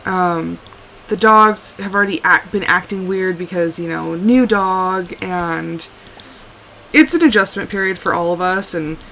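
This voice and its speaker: A woman's voice: on the low side, measured pace, a little hiss or hum. Tired, rambling woman streamer. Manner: rambling, sighing, trailing off into quiet asides. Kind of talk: casual live-stream chat while playing.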